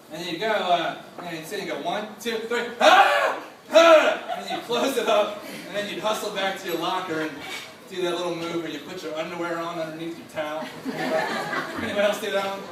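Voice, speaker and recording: A man telling a funny story to a live audience, animated and laughing, acting out other people's voices. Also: high-pitched, a little fast, recorded from a distance, noisy background. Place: stage before a live audience. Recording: echoey hall, voice from off mic.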